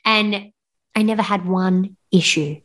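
A woman's voice: medium pitch, measured pace. Frank young woman telling a story. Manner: animated, frank storytelling with swearing and laughs. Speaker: podcast guest. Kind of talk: casual storytelling interview.

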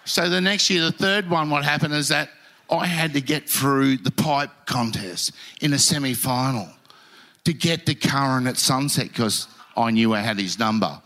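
A man's voice: mid-range voice, normal speed, bright, forceful tone. A man telling surfing stories in casual chat, heated and swearing. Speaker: podcast guest, former pro surfer.

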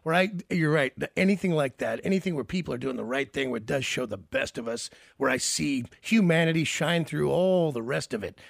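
A man's voice: on the high side, animated, a little fast, creaky, hardly any pauses, no echo, studio quality. A man hosting a radio show, chatting earnestly and laughing easily with a guest. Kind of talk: casual radio interview.

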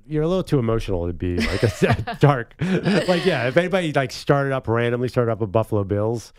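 A man's voice: mid-range voice, big pitch swings, a little fast, no echo. A young man co-hosting a sports radio show, bantering playfully and poking fun at himself. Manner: playful, self-mocking, jokey.

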